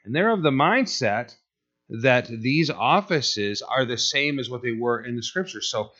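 A man's voice: medium pitch, expressive, unhurried, pushed and bright, soft background music. A man giving a conversational sermon, rambling with many fillers and restarts. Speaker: preacher. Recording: dull lo-fi recording.

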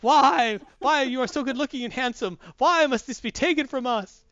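A man's voice: very high-pitched, moderate pace, sharp tone, dry recording, pitched above the performer's own voice. A man doing a hammy wailing stage hero. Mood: melodramatic. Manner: over-the-top theatrical wailing. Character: melodramatic stage actor playing a grieving hero, man. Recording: dull lo-fi dry recording.

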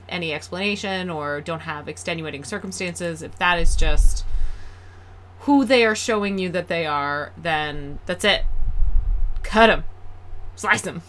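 A woman's voice: lowish voice, a bit bright. Joking woman co-host, faint background noise. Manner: joking, blunt advice. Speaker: podcast co-host. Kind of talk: casual chat.

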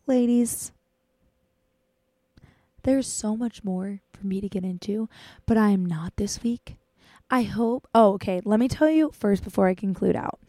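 A woman's voice: mid-range voice, unhurried, long pauses, mellow, dry recording, studio quality. A young woman hosting a casual talk, chatting playfully and acting out little voices as she gives dating tips. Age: young adult. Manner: chatty, playful, acts out voices of boys and friends. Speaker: host giving dating tips. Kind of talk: casual chat.

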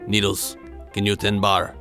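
A man voicing a gruff older male bar owner who speaks tersely, low and quiet. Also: monotone, a little slow, faint music behind.

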